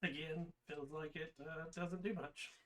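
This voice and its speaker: A man running a tabletop game as game master, talking through rules and narrating in a relaxed, conversational way. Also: a little high, a little slow.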